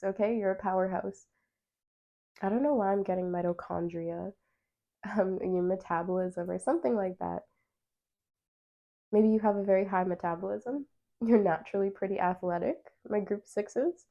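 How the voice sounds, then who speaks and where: Female tarot reader, mellow with a gravelly edge, chatty and encouraging, talks straight to viewers. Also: medium pitch, lo-fi sound. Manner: chatty and encouraging, reads card meanings aloud; addresses viewers directly. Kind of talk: pick-a-card tarot reading to camera.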